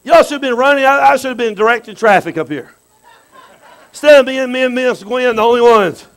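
High-voiced preacher swinging from hush to shout. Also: male voice, brisk, poor audio. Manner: animated preaching that swings from soft asides to shouts. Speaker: pastor. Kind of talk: sermon.

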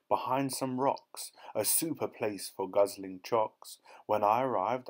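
A man narrating an audiobook of rhyming children's poems, reading in a lively, bouncy rhythm. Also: mid-range voice. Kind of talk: reading rhyming verse aloud.

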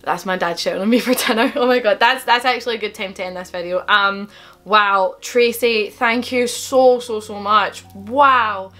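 A woman's voice: medium pitch, normal speed, bright, forceful tone. A young woman vlogging an unboxing, gushing and emotional, gasping and giggling as she talks. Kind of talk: excited unboxing vlog.

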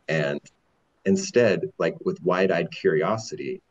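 A man in his forties telling his own story candidly as a podcast guest, halting and rambling with many restarts. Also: low voice, a little mellow, breathy edge, dull audio. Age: 40s.

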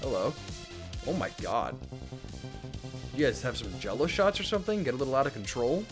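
A man's voice: medium pitch, big pitch swings, normal speed, pauses often, faint music behind. A young man commenting casually on a video game, laughing, joking at himself and swearing. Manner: laughing, self-mocking, swearing. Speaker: gaming streamer. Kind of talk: casual let's play commentary.

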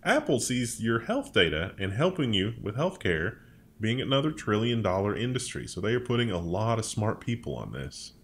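Man, low voice, headline reading, sarcastic riffs, casual chat. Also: very animated, moderate pace, fairly bright tone. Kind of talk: casual tech news chat.

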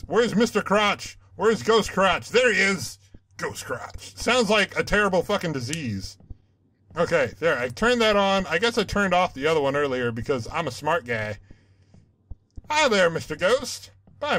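A young man plays through a horror game and narrates as he goes, rambling, swearing and yelling back at whatever jumps out at him. His voice sits high for a man and sounds bright and sharp. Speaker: let's play gamer.

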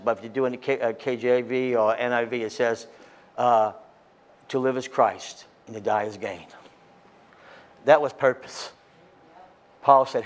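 Preaching at medium pitch, a pastor moves between fiery, loud outbursts and quiet scripture reading, his delivery passionate and excitable throughout.

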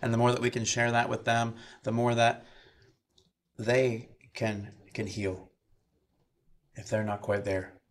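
A man minister leading a slow, soothing guided meditation with breathing cues, then speaking to a chapel congregation. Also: mid-range voice, flat delivery.

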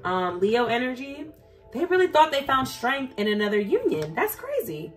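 With a high, sing-song voice at a moderate pace, a woman does a casual tarot reading, talking to her viewers in a blunt, profane way. She gets more heated and emphatic as it goes on, over faint background music.

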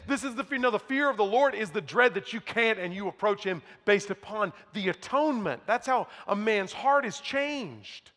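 A man preaching a sermon from the pulpit, emphatic, dropping to quiet asides and mocking the other side. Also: very high voice, a little fast, few pauses. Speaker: pastor. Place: church sanctuary. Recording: long hall reverb.

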